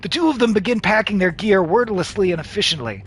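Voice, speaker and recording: Animated, playful male streamer. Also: sits high, quick pace, slightly rough. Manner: playful and animated, breaks into laughter. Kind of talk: reading a video game aloud on stream.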